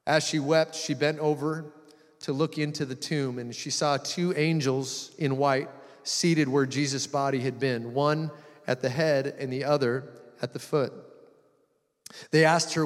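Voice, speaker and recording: A man's voice: on the high side, fairly even intonation, moderate pace. Preacher man in a reverberant hall. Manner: dramatic, acts out quoted voices with rising intensity. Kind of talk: sermon reading and retelling scripture.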